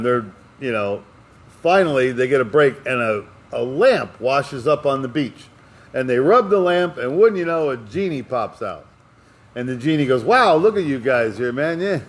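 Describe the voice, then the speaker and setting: A man co-hosting a podcast, chatting casually and telling jokes with lots of laughter. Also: medium pitch. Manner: animated joke-telling, laughs often. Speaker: podcast co-host. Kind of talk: casual chat.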